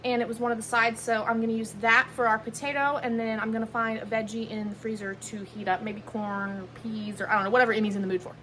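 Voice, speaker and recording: A woman's voice: on the high side, little pitch movement, quick pace, hardly any pauses, pushed and bright, a little hiss or hum. A woman, chatting casually while cooking dinner in her home kitchen and filming on a handheld phone. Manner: chatty, rambling, self-correcting. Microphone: handheld phone camera.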